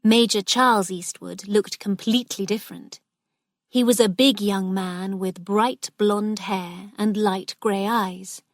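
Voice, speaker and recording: Woman reading a learners' storybook, slow and clear, dry close sound. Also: medium pitch, fairly even intonation, dry recording. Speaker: narrator. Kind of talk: graded storybook narration for learners.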